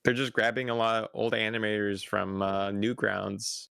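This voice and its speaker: Young man, low gravelly voice, easygoing chat, laughs a lot. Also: fairly even intonation, normal speed, a bit bright, no room sound. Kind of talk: casual chat.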